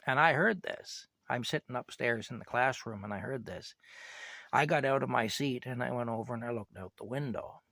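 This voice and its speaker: Gravelly older man telling a story. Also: mid-range voice, normal speed, a bit bright, no room sound. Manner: rambling, conversational, frequent "anyway" and "you know". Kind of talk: casual personal storytelling.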